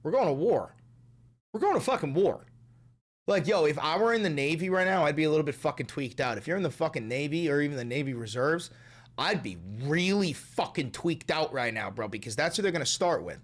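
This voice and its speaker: A man's voice: a little high, fast talker. A young man streaming, ranting heatedly about politics, swearing often and mocking his opponents. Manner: profane, heated, mocking, animated delivery.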